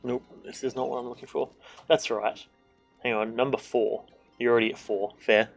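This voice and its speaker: A man's voice: medium pitch, steady tone, moderate pace, vocal fry, faint music behind. A man streaming a game, chatting casually, joking and swearing, and reading the game's dialogue aloud. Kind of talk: casual gameplay commentary.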